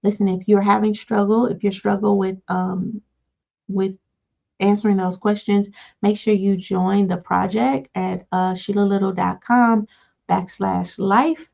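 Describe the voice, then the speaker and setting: A woman coaching listeners on healing, often pausing with "all right" between points. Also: mid-range voice, vocal fry. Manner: repeats "all right" between points, acts out calm replies. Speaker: life coach. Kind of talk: motivational teaching talk. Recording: dull lo-fi sound.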